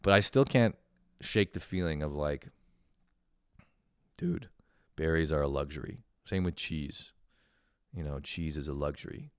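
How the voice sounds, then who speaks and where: A young man from Canada rambles on in a loose, profane monologue, swearing freely and getting animated when he tells a story. His voice sits very low and smooth. The sound is dry and close. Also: a little slow, long pauses, no echo. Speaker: vlogger.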